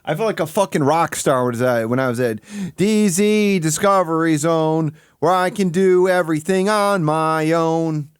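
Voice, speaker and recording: A man hosting a live stream, ranting with heavy swearing and swinging between loud outbursts and low mutters. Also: normal speed, hardly any pauses, clear, resonant tone, no room sound, clean studio sound. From Michigan. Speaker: livestream host. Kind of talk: casual stream commentary.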